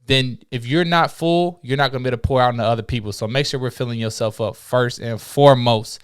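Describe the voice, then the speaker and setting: A man's voice: mid-range voice, quick pace, clean tone. A man co-hosting a podcast, a former morning show host, giving advice in a casual, preachy way built on sayings. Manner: preachy, uses sayings, asks "right?".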